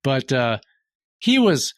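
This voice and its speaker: Taking it slowly in a mid-range voice with no echo, a middle-aged podcast co-host from Minnesota shares an anecdote in casual conversation. He brings the story to life by performing the lines of the people in it.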